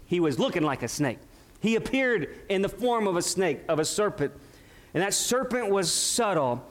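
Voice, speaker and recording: A high-pitched male pastor delivering a sermon. He preaches with emphasis, throwing rhetorical questions out to the congregation and answering them himself.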